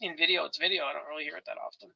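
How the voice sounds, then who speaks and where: Co-host, male, quick gravelly talker, bright tone, dull lo-fi audio. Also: a little high. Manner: excitable storyteller, laughs often, animated ranting. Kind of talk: casual chat.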